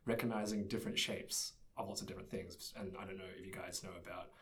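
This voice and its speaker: A man's voice: sits low, fairly even intonation, fast talker, a little hiss or hum. A young man telling a story in casual chat, easygoing and laughing often. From Australia. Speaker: presenter.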